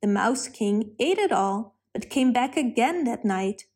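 Woman reading a bedtime story, slow and clear, kinda high voice. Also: animated, darkish tone. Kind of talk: storybook narration.

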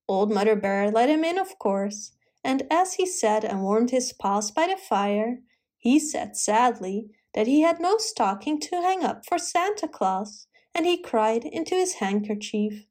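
Woman reading a children's storybook. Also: on the high side. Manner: gentle, rhythmic read-aloud.

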